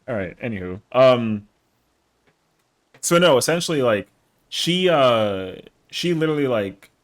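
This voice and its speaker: A man's voice: medium pitch, big pitch swings, measured pace. Slangy man rambling through a story. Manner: slangy, rambling, lots of fillers, acts out the quotes. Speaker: streamer. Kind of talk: casual storytelling on a live stream.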